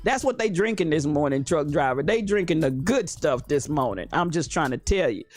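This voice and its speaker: Lively woman host, laughing and talking back to her listeners, voice all over the place. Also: low-pitched, normal speed, dry recording. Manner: animated, laughing, chatty with listeners by name. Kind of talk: lively live-stream chat.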